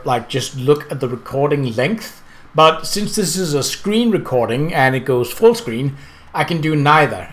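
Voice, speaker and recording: A man casually commenting on his gameplay and reading the game's text aloud, chatty and quick to correct himself. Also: on the high side, a bit bright. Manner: chatty, self-correcting, laughs at the game. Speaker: let's play host.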